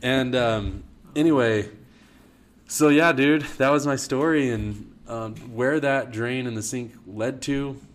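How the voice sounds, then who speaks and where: A man's voice: medium pitch, takes it slowly. A young man casually telling a long, funny personal story on a podcast. He laughs often and restarts his sentences a lot. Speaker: storyteller guest.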